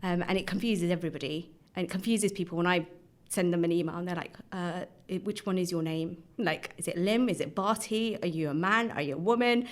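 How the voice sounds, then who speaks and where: Podcast guest: chatty woman, 30s, lowish voice, laughs a lot. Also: brisk. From Birmingham, England. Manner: laughs often, chatty anecdotes. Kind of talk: casual chat.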